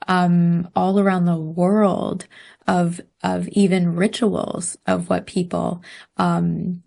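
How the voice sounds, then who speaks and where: A woman telling a story in casual podcast chat, animated, laughing often and using many fillers. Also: lowish voice, slow pace, vocal fry. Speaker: podcast guest.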